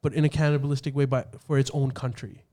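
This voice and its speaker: A podcast host in casual chat, explaining ideas methodically with hesitant restarts. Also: male voice, medium pitch, level tone, fast talker, mellow.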